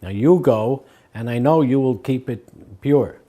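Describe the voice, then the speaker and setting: Once more the devotee shares recollections in an unhurried, medium-pitched voice that's dark and mellow. Between tales he chuckles, and he slips into the voices of the people he's quoting.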